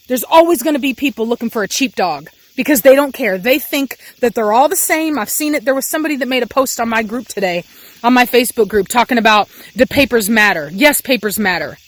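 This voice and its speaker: A young woman with a Texan accent, a dog breeder ranting angrily and passionately in a vlog, often repeating herself. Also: high voice. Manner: angry, impassioned, repeats herself. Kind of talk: emotional vlog rant.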